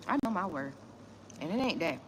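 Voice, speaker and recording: A woman's voice: on the low side, big pitch swings, a little fast, background noise. A woman from Miami with a Southern US accent, chatting casually and bluntly with viewers about small business grants on a livestream. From Miami, Florida, USA. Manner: blunt, slangy, talks straight to viewers. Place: West Africa.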